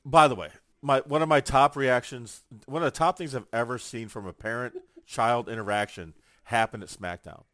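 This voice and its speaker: A man's voice: mid-range voice, normal speed, hardly any pauses, no echo, studio quality. A man co-hosting a casual chat show, telling stories with energy and acting out other people's lines. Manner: animated storyteller, acts out quotes. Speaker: podcast co-host.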